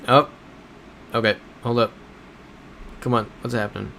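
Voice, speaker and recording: A man's voice: medium pitch, flat delivery, unhurried, gravelly, fairly bright tone, a little hiss or hum. A man chatting casually as he streams a geography game, thinking aloud and reading out his chat.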